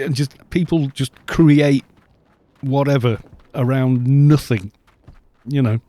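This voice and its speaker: A man's voice: mid-range voice, a little slow, dark tone, dry recording. A middle-aged man chatting casually and rambling on a live game stream, laughing often.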